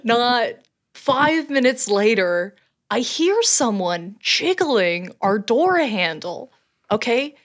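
A woman's voice: fairly high pitch, sing-song, takes it slowly. A young woman from Canada co-hosting a podcast, telling a casual story with laughs and swearing. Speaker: podcast co-host.

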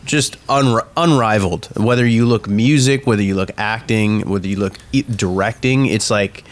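Low-voiced man, eager podcast talk. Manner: enthusiastic, halting restarts while listing facts. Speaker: podcast co-host. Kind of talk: casual chat.

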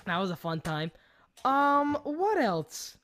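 A woman hosting a casual podcast who tells stories in an animated way and swears a lot. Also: a little high, takes it slowly. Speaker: podcast host. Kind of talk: casual chat.

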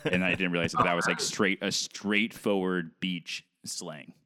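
A man's voice: low-pitched, steady tone, normal speed, sharp tone, no echo, clean studio sound. A man from Southern California chatting casually as co-host, rambling with lots of "like" and beach slang. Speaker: podcast co-host. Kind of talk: casual chat.

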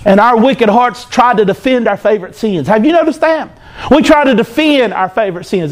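High-voiced animated male preacher. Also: moderate pace. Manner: animated, acts out voices of proud people. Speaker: pastor. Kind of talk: sermon.

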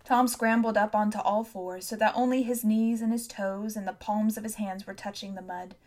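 A woman narrating a novel for an audiobook in a measured, even storytelling manner. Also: medium pitch.

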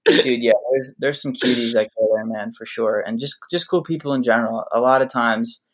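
A man's voice: mid-range voice, fairly even intonation, brisk. A man on a podcast as a guest, chatting casually in a laid-back, joking way.

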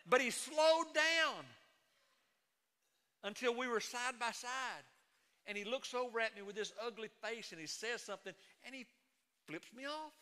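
A man's voice: extremely high pitch, animated, unhurried, long pauses, pushed and bright, in a large hall. A middle-aged man preaching a sermon as a pastor, moving between folksy stories and emphatic proclamation.

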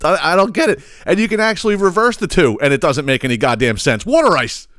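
A man's voice: fairly high pitch, expressive, fast talker, fairly bright tone, no echo. Profane ranting Philly man. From Philadelphia area. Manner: profane, exasperated ranting with chuckles. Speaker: podcast host. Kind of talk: comedic solo rant.

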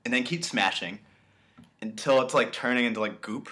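In casual podcast chat, a young male co-host speaks at normal speed in a mid-range voice. He retells scenes with animated storytelling, performing the quotes as he goes.

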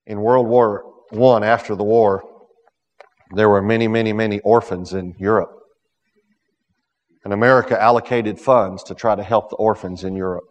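A man preaching a sermon, swinging from loud emphatic peaks to hushed storytelling. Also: lowish voice, steady tone, normal speed, pauses often, highs cut off. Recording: long hall reverb.

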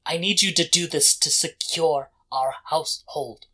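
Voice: mid-range voice, a little slow, bright, forceful tone. A game master playing a stern noble house matriarch. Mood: stern, pressing. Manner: firm, insistent, pleading. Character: stern noble mother demanding duty. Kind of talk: tabletop role-play voice.

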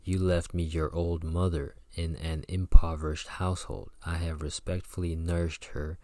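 A man's voice: low-pitched, little pitch movement, moderate pace, mellow, no echo, lightly acted. A man reading aloud as a fierce, defiant female shaman, declaiming her lines like an incantation.

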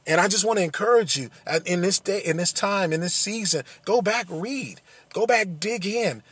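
Husky high-voiced man preaching a sermon. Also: moderate pace, fairly bright tone, dry recording. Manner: earnest, building to emphatic peaks, repeats phrases.

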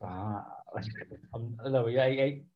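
A man's voice: medium pitch, takes it slowly, slight background noise. A man hosting a podcast, chatting in a rambling, self-deprecating way. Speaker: podcast host. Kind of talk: casual chat. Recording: dull lo-fi sound.

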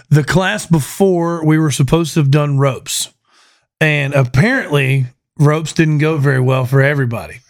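Male podcast host with a raised pitch, a casual and profane storyteller. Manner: profane, animated storyteller who laughs often.

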